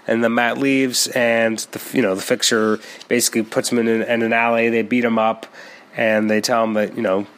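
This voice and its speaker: A man's voice: mid-range voice, little pitch movement, a little fast, a bit bright. A man talking casually and at length about a comic book he loves, rambling with many fillers and restarts. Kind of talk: casual solo commentary.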